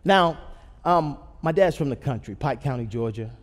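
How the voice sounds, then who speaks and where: A man's voice: medium pitch, lively intonation, moderate pace. A man in his thirties, a pastor telling a humorous story in a sermon and asking the audience questions. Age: 30s. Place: church auditorium. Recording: long hall reverb.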